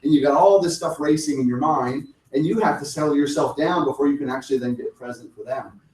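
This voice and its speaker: A man's voice: on the high side, fast talker, a little mellow. A man giving a sales coaching talk to a small audience, speaking conversationally and acting out short client exchanges. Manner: conversational, acts out little client dialogues. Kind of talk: lunch talk presentation. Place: meeting room. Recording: echoey room, mic at a distance.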